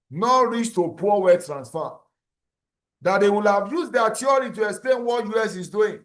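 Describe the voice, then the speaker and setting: A man giving a university lecture, explaining slowly, repeating key terms and checking that students follow. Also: high-pitched. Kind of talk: classroom lecture.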